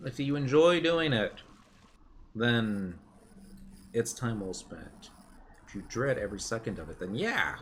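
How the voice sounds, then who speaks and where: A man giving casual, offhand gaming commentary between cutscenes, with quick, lively asides. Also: mid-range voice, slight background noise. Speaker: gamer reading cutscenes aloud.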